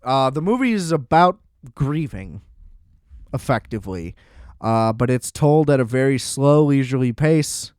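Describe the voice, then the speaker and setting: A man's voice: mid-range voice, lively intonation, a little slow, a little mellow, no room sound, studio quality. A man hosting a film review show, recapping a movie in a loose, profane and joking casual chat.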